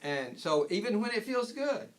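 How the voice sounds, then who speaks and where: A man's voice: high voice, sing-song, moderate pace. An older man giving an informal spiritual talk, rambling with frequent restarts and chuckling at his own points. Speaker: spiritual teacher.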